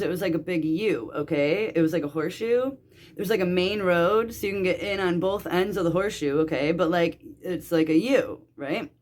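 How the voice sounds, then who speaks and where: A young woman telling a personal story in a rambling, casual way, full of fillers and swearing. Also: lowish voice. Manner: swearing, rambling, lots of "like" and "dude". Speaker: vlogger.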